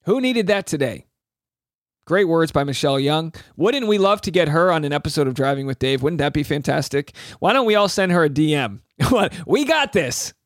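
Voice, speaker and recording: A man hosting a casual podcast, upbeat and chatty with a fondness for little jokes. His voice sits a bit high, and the sound is dry and close to the mic. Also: animated, fairly quick, no echo. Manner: chatty, joking, upbeat, repeats lines aloud. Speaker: podcast host. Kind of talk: casual chat.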